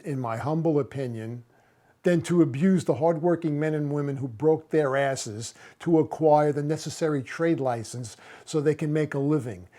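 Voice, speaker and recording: A man's voice: on the high side, mellow. A seventy-year-old man, a plumber, telling a story in a casual vlog, exasperated and stumbling over restarts as he retells conversations. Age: 70s. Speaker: master plumber.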